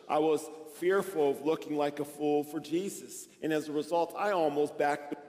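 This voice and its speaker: Energetic male pastor with a high-pitched voice, preaching in a reverberant sanctuary. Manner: energetic, animated and conversational, with bursts of excitement. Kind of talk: sermon. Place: church sanctuary. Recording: echoey church hall.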